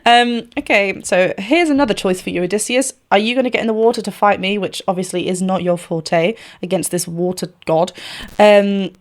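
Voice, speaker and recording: A woman's voice: mid-range voice, normal speed. A woman vocal coach giving casual reaction commentary, chatty and often scatting melodies.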